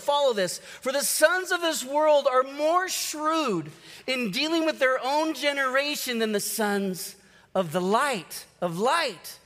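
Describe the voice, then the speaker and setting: High-voiced pastor in a reverberant hall. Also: male voice. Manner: animated storytelling, acting out characters. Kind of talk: sermon.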